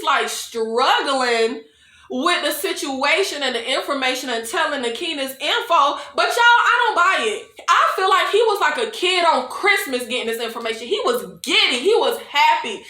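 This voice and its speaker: Sassy high-voiced woman in echoey room. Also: a little slow. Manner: expressive, sassy, laughs often, calls viewers "y'all" and "baby". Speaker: TV recap reviewer. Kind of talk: casual, animated episode recap.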